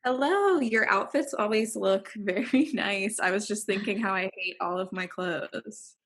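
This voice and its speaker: A woman hosting a podcast in casual chat, rambling and cutting herself off, often trailing off softer. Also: mid-range voice, unhurried, poor audio. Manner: rambling, self-interrupting, drops softer. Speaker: podcast host.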